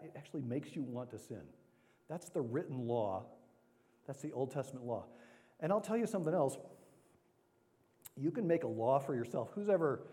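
Energetic preacher man in a reverberant hall. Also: mid-range voice. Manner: energetic, emphatic, repeats for emphasis. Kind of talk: sermon. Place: church sanctuary.

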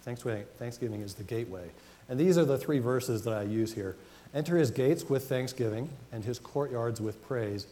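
A man preaching a sermon as pastor, talking conversationally and reading scripture slowly with emphasis. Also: mid-range voice, dark tone. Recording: long reverb of a hall, faint noise.

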